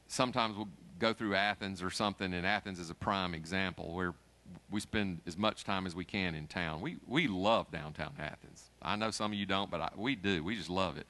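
A middle-aged man delivers a sermon to his congregation. His voice is bright and forceful, and he mixes folksy jokes into the preaching before climbing to emphatic peaks. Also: low-pitched, a little fast. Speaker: pastor.

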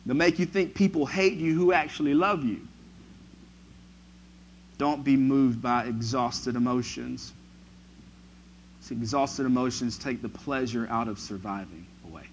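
A man preaching a sermon who moves from quiet, reflective passages to loud, emphatic ones. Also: medium pitch, a little slow, pauses often, a little hiss or hum, poor audio.

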